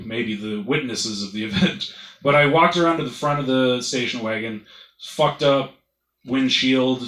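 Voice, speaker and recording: Man, stand-up comic, rambling profane storyteller, bright tense voice, roomy echo. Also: medium pitch. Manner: rambling, profane, laughs at own jokes. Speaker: stand-up comedian.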